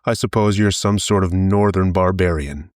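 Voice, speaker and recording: A man's voice: low voice, moderate pace, dry recording, studio quality, natural voice. A man voicing a fat, boastful rogue who blusters and mocks. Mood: jeering. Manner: blustering, mocking. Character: fat boastful middle-aged male rogue, jeering.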